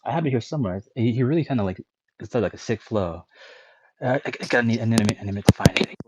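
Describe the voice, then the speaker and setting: A man's voice: medium pitch, expressive, fast, very noisy. A man talking hesitantly in a casual voice chat, with many filler words and restarts, through a dull, lo-fi mic.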